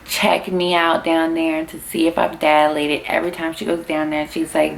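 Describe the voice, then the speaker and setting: Young woman vlogger, low gravelly voice, rambling chatty story to camera at home. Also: level tone, a little slow, slight background noise. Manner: chatty, says "like" constantly, laughs often. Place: at home with her baby.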